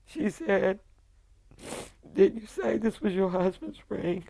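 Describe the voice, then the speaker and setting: A middle-aged woman, a widow giving emotional personal testimony in a halting way, full of quoted dialogue. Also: mid-range voice, animated, gravelly, dark tone. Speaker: widow telling her story.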